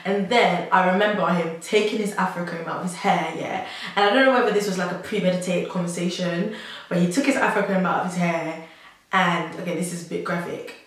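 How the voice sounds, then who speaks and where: A young woman talks straight to camera in a rambling, chatty way, leaning on "like" and slipping in nervous laughs. Her voice sits slightly low, and the sound bounces around a very echoey room. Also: fairly even intonation, a little fast. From South London. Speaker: vlogger. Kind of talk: personal storytelling to camera. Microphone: camera mic.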